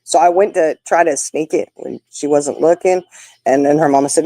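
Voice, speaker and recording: A woman's voice: sits low, normal speed, dark tone, no room sound, low-quality recording. An older woman, hosting a casual chat with viewers and telling folksy stories. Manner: folksy, chatty storytelling. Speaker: livestream host.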